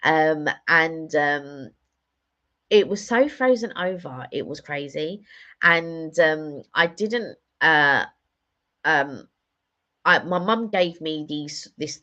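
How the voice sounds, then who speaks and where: A woman's voice: sits low, expressive, slow pace, pushed and bright, highs cut off. A woman chatting casually on a live stream, telling rambling stories with lots of fillers. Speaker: vlogger doing a live stream. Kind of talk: casual chat.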